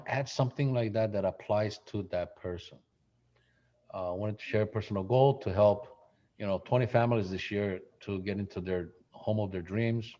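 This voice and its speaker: A man leads a coaching session, walking through phone scripts in a loose, conversational way with plenty of fillers and restarts. His voice sits low and mellow. The recording sounds dull and lo-fi. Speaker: real estate trainer.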